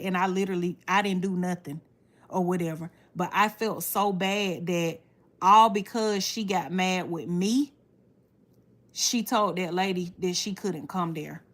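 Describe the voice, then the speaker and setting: A woman, casually telling viewers a story in a blunt, animated way and swearing freely. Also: medium pitch, a little slow. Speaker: livestreamer talking to viewers.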